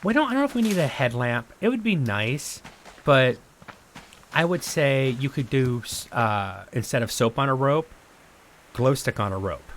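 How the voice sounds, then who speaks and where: A man streaming a survival game live, thinking aloud in a relaxed, rambling way as he plays. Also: mid-range voice, moderate pace, slight background noise. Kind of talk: casual live-stream gameplay commentary.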